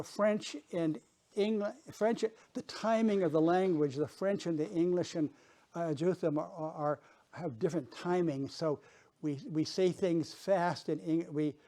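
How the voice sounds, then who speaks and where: Older guy giving a talk, stops and restarts a lot, pitch on the high side, mellow dark tone. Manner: halting, many restarts and repeated words. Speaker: guest speaker. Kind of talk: informal presentation with audience chat.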